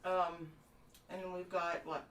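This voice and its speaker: A woman's voice: fairly low pitch, level tone, slow, recorded from a distance, a little hiss or hum. A woman, a guest fishkeeper on a livestream, speaking hesitantly with many ums. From West Virginia, United States. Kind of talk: casual livestream chat. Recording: echoey room, off-mic.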